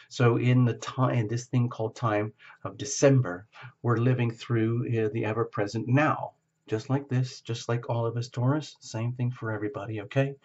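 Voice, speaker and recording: A man's voice: lowish voice, darkish tone, lo-fi sound. A man giving a reflective spoken tarot reading, often checking in with the listener. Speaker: tarot reader.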